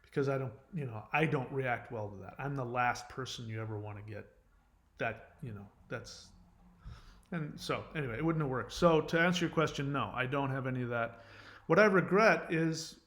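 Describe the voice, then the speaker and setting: A man's voice: mid-range voice, moderate pace, a bit bright. A man hosting his own channel, answering viewer comments in a candid, rambling monologue full of fillers and restarts. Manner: rambling, frequent "you know" fillers and restarts; earnest, confessional. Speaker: channel host.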